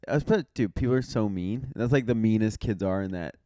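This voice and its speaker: Young male podcast co-host, low and smooth, relaxed back-and-forth chatter. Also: a little fast, no echo, clean studio sound. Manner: laid-back, chimes in with short replies. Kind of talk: casual chat.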